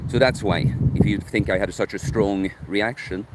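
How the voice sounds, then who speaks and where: A man's voice: lowish voice, steady tone, normal speed, very noisy. A man, live-streaming while he works out, talking bluntly and profanely to his viewers. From Sweden.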